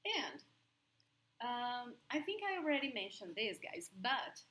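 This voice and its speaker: A Brazilian woman in her young adult years teaches in a fairly high voice, with a Brazilian Portuguese accent. She speaks slowly and carefully and laughs often. A faint hiss sits under her voice. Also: very animated, pushed and bright, poor audio. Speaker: language teacher. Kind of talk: language lesson.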